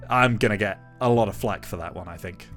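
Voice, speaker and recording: A man's voice: on the low side, brisk, a bit bright, faint music behind. A man giving casual, rambling commentary over his own game build, chuckling often and poking fun at himself. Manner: chuckling, rambling, self-deprecating.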